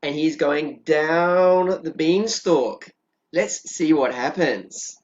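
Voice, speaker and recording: A woman's voice: low voice, takes it slowly, muffled recording. A woman kindergarten teacher who patiently prompts small children during story time and draws her words out.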